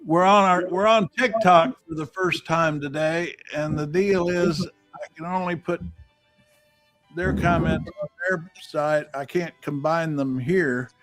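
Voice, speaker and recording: A man hosting a casual live-stream chat, talking in a halting, rambling way with many fillers. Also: fairly high pitch, steady tone, fairly bright tone, soft background music. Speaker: host.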